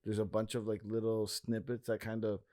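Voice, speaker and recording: A man's voice: fairly low pitch, level tone, fairly quick, mellow, dry recording, studio quality. A young man co-hosting a podcast, talking casually and rambling with many fillers. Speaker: podcast co-host. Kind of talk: casual chat.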